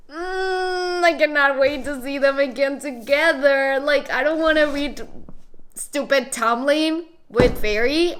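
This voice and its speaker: A woman in her twenties chatting excitedly in a casual vlog from her bedroom, gushing and rambling with lots of fillers. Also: a little high. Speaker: vlogger.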